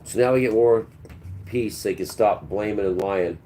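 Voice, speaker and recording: A man's voice: on the low side, normal speed, warm tone, a little hiss or hum. A man hosting a livestream, delivering a preachy, combative monologue and talking back to his chat. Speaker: livestream host.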